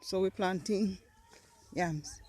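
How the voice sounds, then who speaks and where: A woman's voice: medium pitch, slow, mellow. A woman with a Jamaican accent, chatting casually as she films her own farm vlog outdoors in the countryside. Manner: chatty, thanks viewers, mixes in patois. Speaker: vlogger and farmer. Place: outdoors on a rural farm field.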